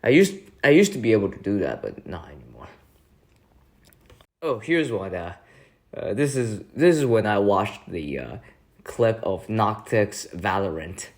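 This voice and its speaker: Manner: slow, hesitant young man. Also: fairly low pitch, big pitch swings, darkish tone. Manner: hesitant, many fillers, laughs often. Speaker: vlogger. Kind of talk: casual chat.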